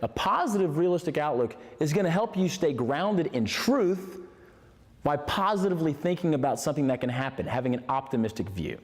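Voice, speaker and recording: A man hosting a motivational talk, animated and emphatic, repeating key words for stress. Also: a little high, brisk. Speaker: motivational host. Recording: long hall reverb.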